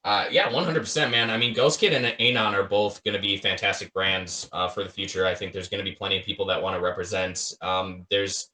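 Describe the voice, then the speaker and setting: Rambling, low-voiced man on a call. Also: fairly even intonation, brisk, hardly any pauses, sharp tone, reverberant, recorded from a distance, rough recording. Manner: rambling, enthusiastic, casual swearing. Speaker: guest, project founder. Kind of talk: casual podcast chat. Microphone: voice call, headset.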